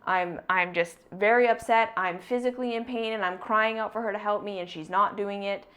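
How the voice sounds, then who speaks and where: A woman vlogger telling a candid personal story in an earnest, reflective way, moving between brisk and slow deliberate phrasing. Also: medium pitch, fairly even intonation, a bit bright.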